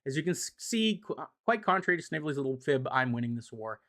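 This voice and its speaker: A man's voice: medium pitch, very animated, quick pace, a bit bright. A man voicing a commanding comic-book villain doctor in a casual, paraphrased retelling, close to his own voice. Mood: boastful.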